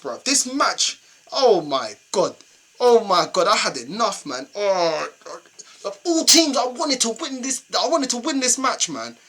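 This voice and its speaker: A man's voice: very high voice, bright, forceful tone. A young man with a London accent ranting exasperatedly in a football fan reaction video, slangy and repetitive. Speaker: football fan channel host. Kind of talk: fan match reaction rant.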